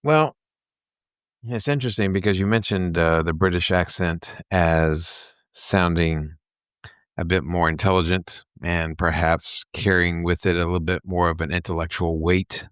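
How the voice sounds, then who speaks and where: A man hosting a podcast, with a nasal voice and a Mid-Atlantic accent mixed with a Texas twang. His voice is quieter than usual after surgery, and he talks in an unhurried, reflective way and laughs often. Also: low-pitched, steady tone, smooth, no room sound, studio quality. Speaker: podcast host. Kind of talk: casual chat.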